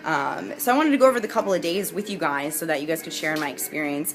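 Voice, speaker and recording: A woman's voice: low voice, animated, fast talker. Bubbly young woman vlogging over jazz. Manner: bubbly, chatty, with many restarts. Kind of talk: casual vlog chat. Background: jazzy music playing.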